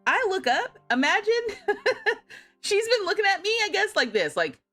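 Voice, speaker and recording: Woman in her 30s, game streamer, chatty storyteller, bright and animated delivery, faint music under. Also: extremely high pitch, a little slow. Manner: chatty storytelling, often laughing and mimicking her cat. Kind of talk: casual livestream chat.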